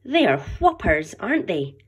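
A woman's voice: medium pitch, big pitch swings, normal speed, husky. A woman reading aloud as a cheerful, helpful female museum curator in a picture book. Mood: friendly.

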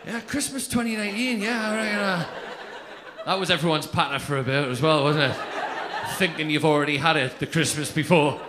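A man doing live stand-up, brash and sweary, telling stories quickly. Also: a little high, noisy background. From England. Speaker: stand-up comedian. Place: comedy club stage with laughing audience.

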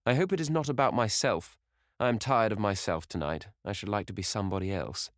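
Lifting his voice above his own low register, a man plays a vain, bored young gentleman who speaks languidly and petulantly. The delivery is a little fast and natural, captured as a dry, clean studio recording.

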